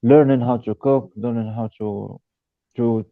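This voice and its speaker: A man's voice: mid-range voice, fairly even intonation, unhurried, creaky, no echo. A man taking part in a casual discussion as a guest, often repeating and restarting words and laughing between points. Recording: tinny phone-like line.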